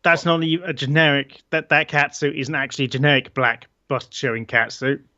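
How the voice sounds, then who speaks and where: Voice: medium pitch, steady tone, brisk, pushed and bright. A co-host throwing in casual, joking commentary with dry, wry asides. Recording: dull lo-fi sound.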